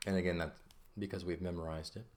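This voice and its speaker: A man's voice: deep voice, steady tone, fast. A man teaching an ancient Greek lesson in a patient, casual way, often checking in with "okay?". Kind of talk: casual lesson explaining grammar.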